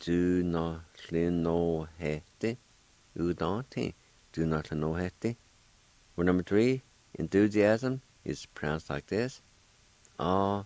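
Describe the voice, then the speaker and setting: A man's voice: deep voice, expressive, unhurried, long pauses, a little mellow, dry recording, low-quality recording. A man hosting a radio language lesson. He patiently spells words out letter by letter, repeats each one, and encourages his listeners. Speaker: language teacher and radio host.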